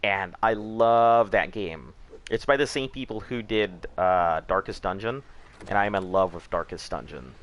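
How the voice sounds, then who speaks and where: Low-voiced, laid-back gaming streamer. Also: male voice, normal speed. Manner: laid-back, rambling, swears casually, answers chat. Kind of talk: casual game commentary.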